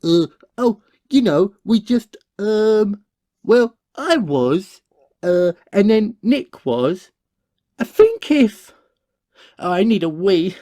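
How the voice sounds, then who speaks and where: A man's voice: high-pitched, very animated, slow, warm tone, no echo, full character voice. A man voicing a timid, nervous young male roommate in a cartoon, hesitant and stammering when put on the spot. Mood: flustered. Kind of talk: cartoon voice acting.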